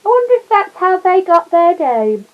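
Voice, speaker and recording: A woman voicing a kindly, courteous older gentleman in a storybook read-aloud. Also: very high voice, very animated, moderate pace, lo-fi sound, pitched above the performer's own voice.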